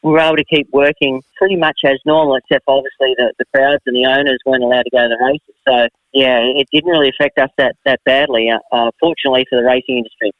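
Middle-aged man, phone line, quick speech, dry close sound. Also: mid-range voice, fairly even intonation, dry recording. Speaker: jockey, interview guest.

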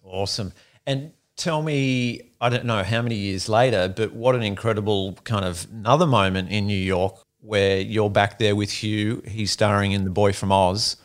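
A man hosting a podcast interview, relaxed and often pausing to search for words. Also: fairly low pitch. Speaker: podcast host. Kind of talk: casual interview.

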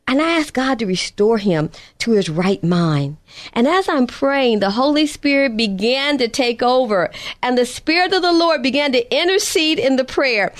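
A woman preacher telling a prayer testimony in a fervent, rhythmic way, slowing down for emphasis. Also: sits high. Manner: fervent, rhythmic storytelling with slowed emphatic phrases. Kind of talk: testimony sermon.

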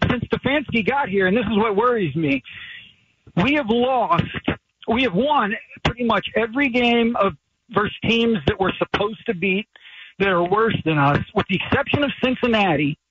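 A man's voice: sits high, normal speed, a bit bright, husky. A man calling in to a sports radio show, eagerly piling up his arguments. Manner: eager, argumentative, piles up points. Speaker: caller. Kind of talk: call-in sports radio talk. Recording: dull lo-fi phone-in line.

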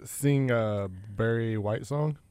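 A man's voice: on the low side, slow pace, darkish tone, smooth, no room sound. Wry, teasing radio co-host man. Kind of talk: sports talk radio banter. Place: radio studio.

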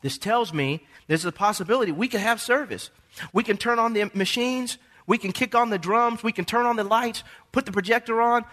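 A male pastor preaching a sermon in a church, calling for responses from the congregation and swinging from hushed tones to shouts. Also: high-pitched, brisk. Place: church sanctuary during a service.

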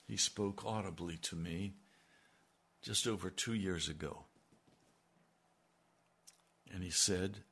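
Slow gravelly older man preaching. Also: low-pitched, fairly bright tone. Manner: slow and emphatic, rising in intensity when quoting God. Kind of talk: sermon.

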